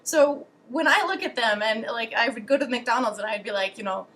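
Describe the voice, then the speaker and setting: A woman's voice: fairly high pitch, brisk, fairly bright tone. A young adult woman vlogger telling stories in a casual way, sarcastic and profane, with lots of fillers. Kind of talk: casual storytelling.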